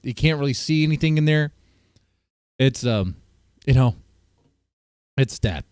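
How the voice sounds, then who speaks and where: A man hosts a casual reaction stream, wandering through his thoughts with fillers and blunt remarks. His voice sits at an ordinary middle pitch and sounds dry, with no room echo. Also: lively intonation, unhurried, darkish tone, clear, resonant tone. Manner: rambling, crude, lots of fillers. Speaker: streamer host.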